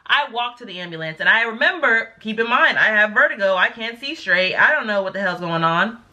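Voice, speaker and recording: A young woman vlogger telling a story casually, acting out quotes with big jumps in her voice. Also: a little fast. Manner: animated, acts out quotes with big pitch jumps.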